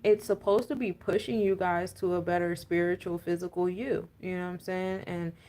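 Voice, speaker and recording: A woman's voice: fairly low pitch, steady tone, moderate pace, mellow. A woman giving a casual, rambling astrology and tarot talk, full of fillers and laughing rants. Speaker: spiritual coach and tarot reader.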